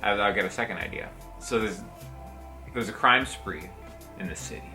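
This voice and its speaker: Young male comic, bright voice, lower pitch, animated storyteller who slips in and out of character voices, faint music behind. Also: moderate pace, gravelly. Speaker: comedian pitching movie ideas. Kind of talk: comedic improv pitch.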